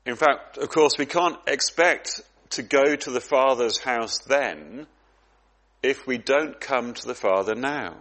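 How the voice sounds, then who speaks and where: A man preaching in an earnest, reflective way, with a voice of ordinary middle pitch. He often stumbles over and repeats words as he thinks aloud. His sermon moves steadily through questions and answers. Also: slow pace, a bit bright.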